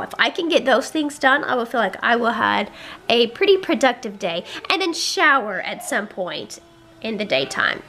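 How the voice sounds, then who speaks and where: Chatty high-voiced young mom. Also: female voice. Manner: chatty, rambling, exasperated by kids. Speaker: family vlogger, mom. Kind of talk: casual chat to camera. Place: family home. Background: children squealing and yelling.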